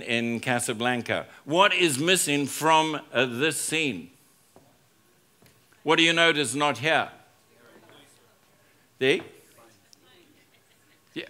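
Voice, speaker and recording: A business school professor gives a humorous conference talk to a live audience, telling stories, acting out quoted lines and joking with the crowd. His medium-pitched voice sounds pushed and bright.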